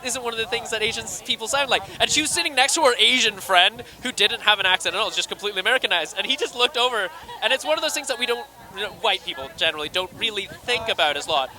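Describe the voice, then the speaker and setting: A man with a Scottish accent, chatting quickly and animatedly in an interview at a red carpet event. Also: high-pitched. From Scotland. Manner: fast, animated, acts out quoted voices. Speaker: interviewee, actor and magician.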